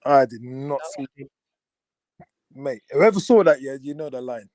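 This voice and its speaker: A man's voice: medium pitch, measured pace, a little mellow, dry recording. Laid-back man on a call. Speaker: panel guest. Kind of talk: casual chat.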